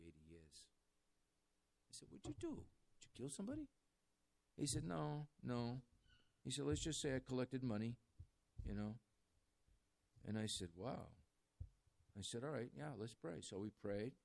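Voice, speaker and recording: A man tells a story from his work as a jail chaplain, preaching as he goes. He talks with energy and acts out the voices of the people in the story, and his voice sits at an ordinary middle pitch. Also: gravelly. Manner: animated storyteller quoting others in lively voices. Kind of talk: sermon storytelling.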